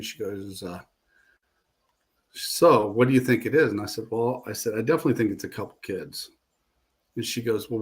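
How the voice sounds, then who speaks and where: A man being interviewed as a paranormal investigator, telling a long story in a casual, rambling way and repeating "I said" and "she goes" often. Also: lowish voice.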